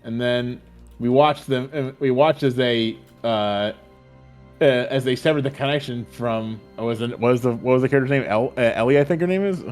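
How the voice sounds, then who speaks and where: A man's voice: mid-range voice, normal speed, a little mellow, soft background music. A man playing a tabletop game, stammering and restarting his sentences often. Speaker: player. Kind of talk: casual tabletop play.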